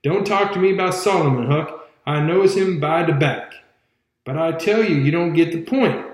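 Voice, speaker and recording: A man voicing a stubborn, argumentative adult man in an audiobook reading, with a Southern accent and a lowered drawl. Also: moderate pace, close to an everyday voice. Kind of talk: audiobook character voice. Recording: very echoey room.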